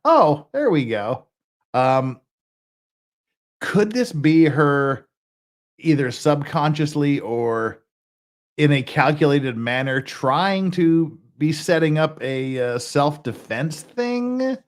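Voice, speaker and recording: A man from Utah riffs on police footage in a sarcastic, joking way, breaking into laughter often. His voice sits a little high and jumps around a lot in pitch. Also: expressive, slow. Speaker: host commenting on police footage. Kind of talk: live-stream commentary.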